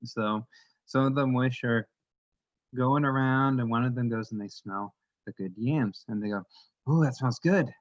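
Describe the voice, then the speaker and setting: A man telling a folktale to a congregation in an animated, folksy way, with casual asides. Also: medium pitch, unhurried, no echo, dull audio. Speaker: worship leader telling a story.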